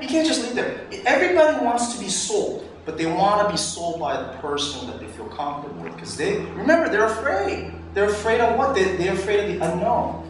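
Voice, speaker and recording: Animated male sales trainer in an echoey room. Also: high-pitched. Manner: animated, coaching, acts out customer lines. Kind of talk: live training talk. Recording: far-off mic in an echoey room, faint noise.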